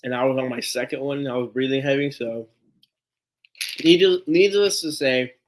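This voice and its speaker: A man hosting a live fan stream, telling a story in a casual, animated, rambling way, swearing freely and laughing as he goes. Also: medium pitch, normal speed, slight background noise. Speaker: sports fan show host.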